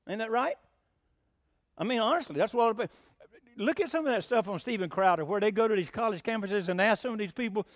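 Male preacher, high-pitched, folksy and excitable, close dry recording. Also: a little fast, dry recording. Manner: excitable, rising to near-shouting, rhetorical questions; folksy, plain-spoken. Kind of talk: sermon.

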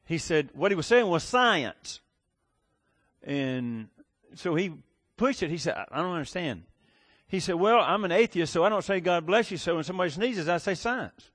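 A man's voice: high-pitched, expressive, moderate pace, fairly bright tone, no echo, clean studio sound. A middle-aged man preaching a sermon in a folksy, rambling way, full of restarts and asides. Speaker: pastor.

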